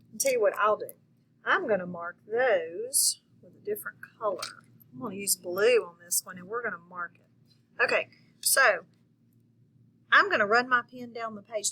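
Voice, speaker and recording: Woman teacher, encouraging phonics lesson voice, bright and slightly husky. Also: medium pitch, poor audio. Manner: patient, encouraging, checks in often. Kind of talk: phonics lesson for young children.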